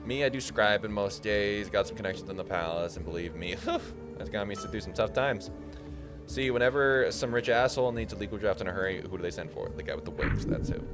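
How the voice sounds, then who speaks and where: A man's voice: fairly low pitch, expressive, fairly quick, natural voice. A man voicing a small, smug male imp who works as a clerk, reading the lines in a wry, matter-of-fact way over game music.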